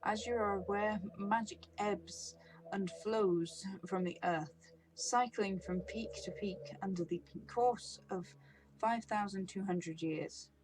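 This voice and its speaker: A woman doing a pompous male envoy from a role-playing game, slow and deliberate, dwelling on each word in her own plain voice. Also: mid-range voice, background noise, natural voice. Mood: measured.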